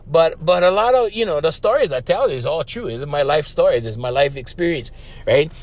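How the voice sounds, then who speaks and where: A man's voice: on the high side, lively intonation, brisk. A middle-aged man from Hawaii with a Hawaiian Pidgin accent, hosting a podcast in a rambling, casual storytelling way, repeating his words and chuckling often. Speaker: podcast host.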